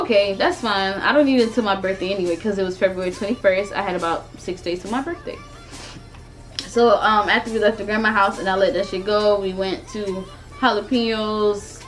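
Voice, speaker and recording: A young woman in her twenties tells a casual storytime straight to her audience. She talks in an animated, profane way and laughs often, with faint music underneath. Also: mid-range voice. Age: 20s. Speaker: vlogger.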